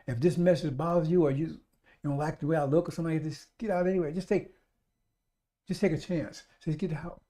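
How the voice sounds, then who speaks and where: A man's voice: on the high side, fairly even intonation, fast, mellow. A man preaching on live radio, urging his listeners again and again and calling them brothers and sisters. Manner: urgent, repetitive exhortation. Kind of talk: sermon on a live radio stream.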